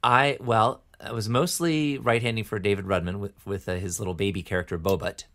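A man's voice: lowish voice, fairly even intonation, fairly quick, fairly bright tone. A middle-aged man chatting casually as a podcast guest, good-humored and self-deprecating. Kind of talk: casual chat.

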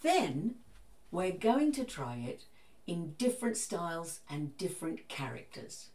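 A woman giving a vocal coach's step-by-step singing lesson, with calm, encouraging instructions. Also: fairly low pitch, a little slow, roomy sound, far from the mic.

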